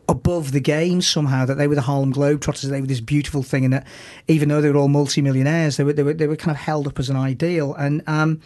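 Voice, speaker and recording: A man with a voice that sits a little high for a male speaker holds forth in a sardonic, rambling manner on a comic radio slot. He circles back on his words before landing a dry punchline or sliding into a recited verse. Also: a little mellow. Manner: wry, sardonic, rambling with restarts. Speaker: regular comic contributor.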